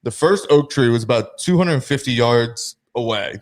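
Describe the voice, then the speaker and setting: A young man hosting a casual podcast, telling a story with lively acted-out quotes. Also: medium pitch, normal speed. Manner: animated, acts out quotes. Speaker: podcast host.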